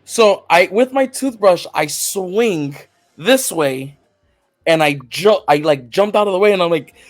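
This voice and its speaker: A man with a somewhat high voice chats loosely on a podcast, stumbling through his sentences and laughing along the way. The sound is dry and close, with faint music underneath. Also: animated, a little slow, no echo. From grew up in Florida. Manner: rambling, laughing, restarts mid-sentence. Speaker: podcast co-host. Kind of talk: casual storytelling chat.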